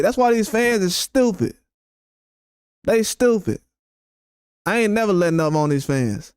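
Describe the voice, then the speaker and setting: A man's voice: high-pitched, sing-song, a little fast, pauses often, a little mellow, smooth, no echo, studio quality. Heated man ranting on a live stream. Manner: heated, repetitive, blunt and profane. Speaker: boxing channel host. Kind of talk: live-stream rant responding to chat.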